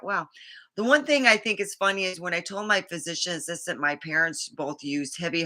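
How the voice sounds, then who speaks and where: A woman's voice: mid-range voice, pushed and bright. A woman vlogger telling a rambling, indignant story about a doctor's visit, acting out the quotes. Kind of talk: casual monologue.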